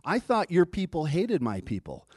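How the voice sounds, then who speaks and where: A man's voice: a little high, wildly swooping pitch, normal speed, darkish tone, no room sound, studio quality, pitched above the performer's own voice. A man voicing an indignant Samaritan woman who fires sarcastic, challenging questions.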